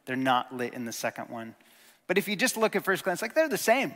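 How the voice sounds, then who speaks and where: Guy preaching, kinda high voice, chatty and excited, big echoey hall. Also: fairly quick. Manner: conversational teaching, enthusiastic asides. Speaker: pastor. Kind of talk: sermon. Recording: reverberant hall.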